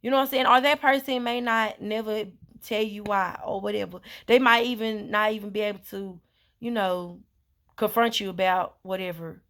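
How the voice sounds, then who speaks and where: A woman's voice: medium pitch, fairly even intonation, normal speed, fairly bright tone. A woman vlogger talking earnestly and rambling, with many fillers and repetitions, in a casual heartfelt monologue.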